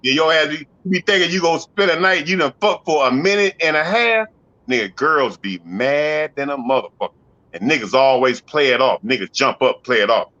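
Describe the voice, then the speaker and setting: A stand-up comedian with a high, bright, forceful voice tears through a rowdy, profane routine full of slang. He keeps slipping into acted-out voices. The live recording is dry and a little dull. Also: expressive, fairly quick, no room sound. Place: comedy club.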